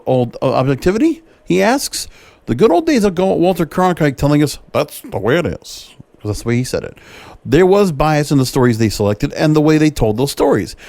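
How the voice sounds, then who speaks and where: Brief: male podcast host, fairly high and lively voice, reads quotes and comments in a close, dry recording. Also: dry recording. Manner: reads quotes aloud then adds his own opinions, with restarts. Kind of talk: solo commentary reading and reacting to an article.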